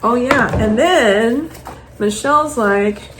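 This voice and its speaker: Chatty woman with a lively voice. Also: medium pitch, measured pace, a little hiss or hum, low-quality recording. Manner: chatty, rambling, animated storytelling. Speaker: host. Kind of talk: casual chat, showing purchases.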